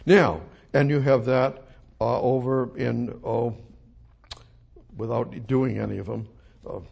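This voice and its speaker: A man preaching an expository sermon, emphatic, repeating phrases and swinging from loud declarations to quiet asides. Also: mid-range voice, steady tone, slow, gravelly, breathy edge.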